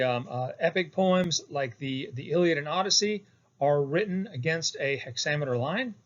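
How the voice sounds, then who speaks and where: Man lecturing with halting fillers. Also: on the high side, a bit bright, highs cut off. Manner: hesitant, many fillers and restarts, stretches key terms. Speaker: poetry instructor. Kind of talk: recorded video lecture.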